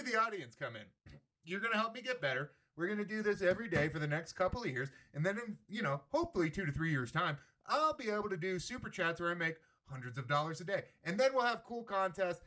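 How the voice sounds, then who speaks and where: A man's voice: a little high, pushed and bright. A man hosting a daily show, giving a sarcastic, profane political monologue and slipping into mock voices. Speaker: podcast host.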